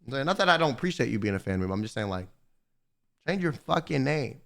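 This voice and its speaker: A young man streaming, chatting casually and swearing, slangy and animated as he rants to his chat. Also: medium pitch, fast, gravelly.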